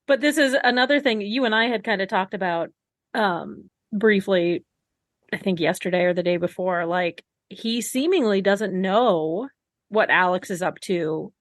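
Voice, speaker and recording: Female podcast co-host, wry and measured, dry close recording. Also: mid-range voice, no room sound. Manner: wry, measured commentary, prone to laughing. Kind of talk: casual podcast chat.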